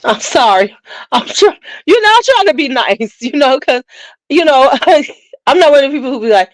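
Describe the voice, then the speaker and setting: A woman casually chatting to viewers while she reviews a fragrance on a livestream, in an unhurried, talkative way. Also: sits high, very animated, dry recording, rough recording. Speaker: beauty content creator.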